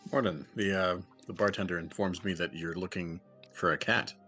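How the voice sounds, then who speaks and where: A man voicing a polite adventurer in a tabletop game, searching for his lost cat, speaking in a measured way. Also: sits low, fairly even intonation, bright, forceful tone, faint music behind.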